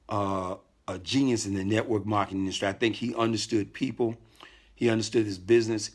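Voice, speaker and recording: A middle-aged man hosting a casual live stream from a hotel room, talking calmly, greeting viewers by name and often repeating himself. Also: fairly low pitch. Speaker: network marketing leader hosting a live stream.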